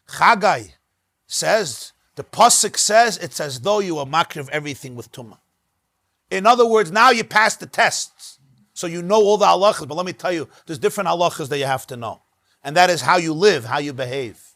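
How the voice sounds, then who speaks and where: A man, a rabbi teaching a Talmud class. He talks in an animated way, acts out the dialogue in the text and mixes Hebrew and Aramaic phrases into his English. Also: sits high, no echo. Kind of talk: Talmud study lecture. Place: synagogue classroom.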